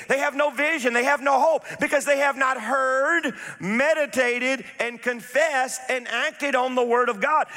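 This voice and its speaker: A male pastor delivers a sermon in a high, bright, ringing voice. He preaches emphatically, repeating key phrases and calling for responses from the congregation. The sound carries a long reverb, as in a church hall.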